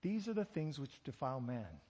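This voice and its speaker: Animated preacher in an echoing hall. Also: male voice, mid-range voice, moderate pace, slightly rough. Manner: animated, rhetorical questions, joking asides. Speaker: pastor. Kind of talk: sermon.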